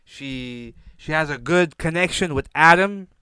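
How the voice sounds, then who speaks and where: Brief: sarcastic male podcast host, smooth voice, dry close recording. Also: a little high, a little slow, pushed and bright, no echo. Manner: brash, sarcastic, swears. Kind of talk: casual TV recap monologue.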